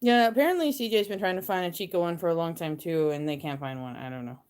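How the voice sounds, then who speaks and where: Excitable rambling woman on a phone livestream. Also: on the low side, fast talker, clean tone. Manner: rambling, gets hyper and excitable. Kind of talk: casual livestream chat. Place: her messy bedroom. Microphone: phone camera.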